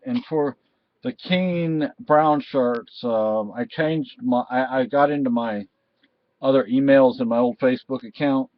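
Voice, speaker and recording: A man's voice: mid-range voice, unhurried, no room sound, dull audio. Indignant middle-aged man ranting. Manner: indignant, scolding, lecturing. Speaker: vlogger. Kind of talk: political rant to camera.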